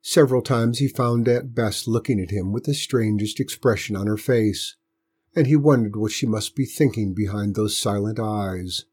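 A man reading a story aloud as narrator, in a steady, measured way. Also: on the low side, husky.

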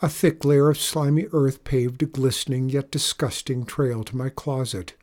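A man with a husky voice narrating a story in a measured, low-key first-person telling. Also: steady tone, a little mellow.

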